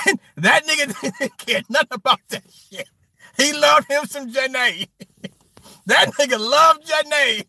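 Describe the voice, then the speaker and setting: High, bright-voiced man ranting crudely. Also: unhurried, no echo, studio quality. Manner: crude, joking, laughs often; animated, pitch swings up and down. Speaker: streamer. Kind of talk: casual rant to viewers.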